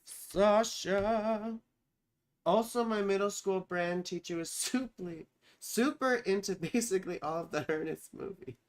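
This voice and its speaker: A woman's voice: lowish voice, normal speed. A woman astrologer hosting a live stream, chatting casually, reading out viewer comments, swearing freely and joking at her own expense. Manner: joking, profane, teasing.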